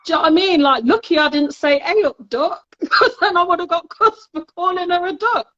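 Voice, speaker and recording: A woman's voice: very high-pitched, fairly quick, a bit bright, dull audio. A woman from Nottingham with a Nottingham accent, telling stories in a casual chat, laughing often. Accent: Nottingham English. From Nottingham, England. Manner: chatty storyteller, laughs often. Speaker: podcast co-host.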